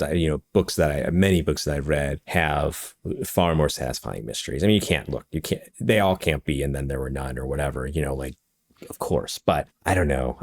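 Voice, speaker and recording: A man co-hosting a podcast, chatting casually about a film, rambling, laughing often and restarting his sentences. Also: a bass voice. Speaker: podcast co-host.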